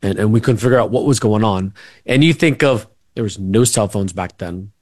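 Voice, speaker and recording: A man's voice: lowish voice, moderate pace, a little mellow, no echo, clean studio sound. A middle-aged man, a radio interview guest, telling family stories in a rambling way with many fillers and restarts. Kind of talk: casual storytelling.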